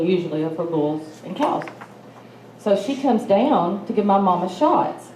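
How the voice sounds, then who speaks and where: A woman's voice: fairly low pitch, mellow. Folksy East Texas woman in roomy hall. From Malta, Texas. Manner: chatty, folksy, laughs while telling. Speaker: symposium speaker. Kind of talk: personal storytelling talk. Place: conference hall. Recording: roomy hall with faint noise.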